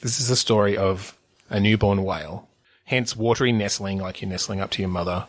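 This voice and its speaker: Co-hosting a podcast, this man speaks at a fairly quick clip in a fairly low pitch. The chat is casual and rambling, full of fillers and restarts, with frequent laughter.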